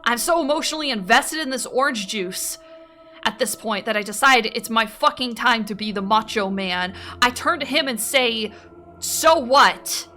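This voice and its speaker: A high, bright-voiced woman streams live. She reads viewer confessions aloud and reacts in an animated way, breaking into laughter and swearing freely. Faint music plays behind her. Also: moderate pace. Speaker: streamer host. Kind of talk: reading viewer confessions on a livestream.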